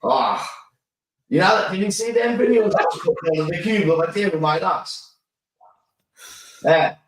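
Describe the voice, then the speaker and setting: A man co-hosting a casual football podcast, telling animated stories, laughing and swearing often. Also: sits high, slow, slight background noise. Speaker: podcast co-host. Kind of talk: casual chat. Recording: roomy sound, mic at a distance.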